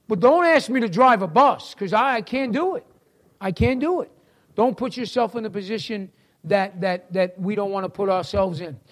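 Speaking with a New York accent and an extremely high pitch, a middle-aged man teaches a church class. His style is a folksy sermon, and he addresses listeners by name.

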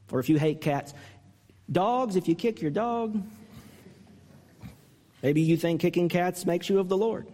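A male pastor preaching with earnest emphasis and a fairly high voice. He presses the congregation with pointed questions and lets his pitch climb when he mimics a harsh reading. The sound carries a long reverb, as in a church hall. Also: unhurried, long pauses, warm tone. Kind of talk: sermon.

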